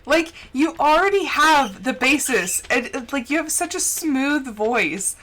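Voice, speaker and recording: A woman's voice: high voice, lively intonation, measured pace, a bit bright. An American woman streaming a video game, chatting casually and giggly, with lots of "like". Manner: chatty and giggly, heavy use of "like". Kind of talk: casual livestream chat.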